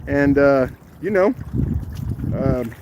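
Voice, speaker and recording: A man hosting a casual live stream outdoors on a rocky shoreline, chatting, greeting viewers by name and laughing easily, recorded on a phone held in one hand, his voice a little rough from the morning. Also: medium pitch, lively intonation, slow, muffled recording, noisy background. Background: faint outdoor waterside ambience.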